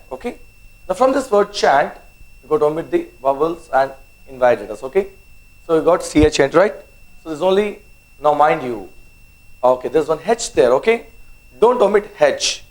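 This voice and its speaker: A man's voice: on the high side, darkish tone, rough recording. Man teaching, checking in with "okay?". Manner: repeats "okay?" often, spells out words letter by letter; coaxing, urges students on. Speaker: maths teacher. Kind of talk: online lesson.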